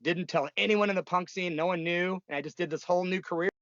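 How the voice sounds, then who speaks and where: This man in his fifties talks in a blunt, profane, rambling way, full of fillers and restarts. His voice sits a bit high for a man. The sound is dry and dull, like lo-fi remote audio. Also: fairly even intonation, quick pace, a bit bright, no room sound. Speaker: punk musician guest. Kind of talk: casual interview storytelling.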